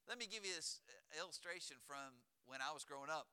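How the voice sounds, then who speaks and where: A man from Pennsylvania preaching in a high, forceful voice. He tells folksy stories and slows down to drive home key words. His tone stays clear and resonant throughout. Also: lively intonation. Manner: storytelling, emphatic with slowed key words. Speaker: pastor. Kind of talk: sermon.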